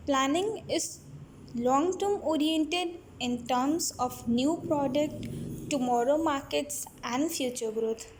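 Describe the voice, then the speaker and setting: A woman reading out study notes in a plain listing manner. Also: high-pitched. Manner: reads headings and definitions in a flat list. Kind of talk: read-aloud lecture notes.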